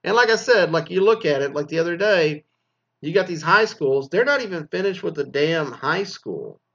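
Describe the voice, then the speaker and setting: A man's voice: a little high, lively intonation, moderate pace, a bit bright, highs cut off. A man in his forties, a former teacher, telling a crude story in a casual rant and swearing constantly. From Mesquite, Texas.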